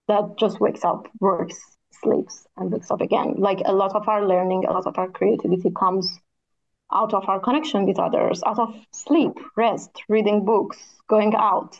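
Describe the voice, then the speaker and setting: A woman architect speaking as a guest in a casual interview, her voice a bit tired, thoughtful, with many fillers. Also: medium pitch. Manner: thoughtful, with frequent "like" and "kinda" fillers. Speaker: architect and podcast co-host, guest. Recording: slightly dull lo-fi audio.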